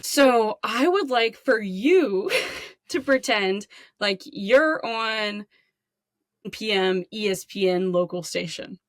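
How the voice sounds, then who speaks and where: A woman's voice: mid-range voice, slow, no echo. A woman hosting a sports podcast in casual, joking chat. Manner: chatty, joking, laughs often. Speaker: podcast host.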